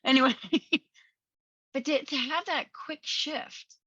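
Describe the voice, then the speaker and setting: A woman hosting a podcast, talking in an animated, emphatic coaching manner and laughing often. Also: high-pitched, slow pace, no room sound, dull audio. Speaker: podcast host. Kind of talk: conversational coaching talk.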